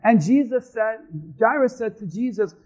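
A man pastor delivering a sermon, swinging between shouting and hushed tones. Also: sits high, normal speed, rough recording.

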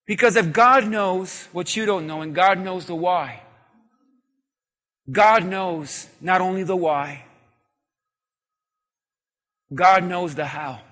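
A man's voice: high voice, takes it slowly, long pauses, fairly bright tone. A male pastor preaching a sermon with an emphatic, call-and-response delivery. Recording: long reverb of a large hall.

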